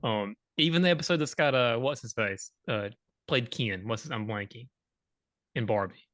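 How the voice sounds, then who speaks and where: A man co-hosting a podcast in casual chat, talking in a lively way and often breaking off mid-sentence. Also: mid-range voice, moderate pace, no echo, clean studio sound. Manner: lively, self-interrupting, chuckly. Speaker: podcast co-host.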